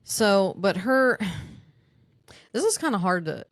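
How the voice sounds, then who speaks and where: A woman co-hosting a paranormal podcast in casual chat, recounting a witness story in a halting way with frequent restarts. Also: medium pitch, very animated, no room sound, studio quality. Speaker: podcast co-host.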